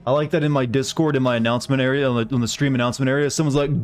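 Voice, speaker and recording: A man's voice: mid-range voice, steady tone, rapid-fire. Chatty male game streamer, faint music. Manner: rambling, chatty, greets viewers by name. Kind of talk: casual chat with live viewers.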